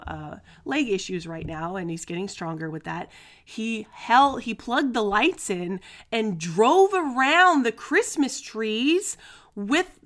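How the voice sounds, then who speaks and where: A woman's voice: medium pitch, fairly bright tone. A woman hosting her own podcast, telling family stories in a chatty way, often laughing and using fillers. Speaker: podcast host. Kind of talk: casual solo podcast storytelling.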